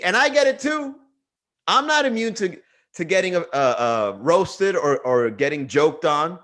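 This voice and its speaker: Male comic hosting a live stream, fairly high voice, casual and worked up. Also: measured pace. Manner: animated, ranting and jokey. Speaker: comedian hosting a daily livestream. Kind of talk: casual livestream chat giving viewer shout-outs.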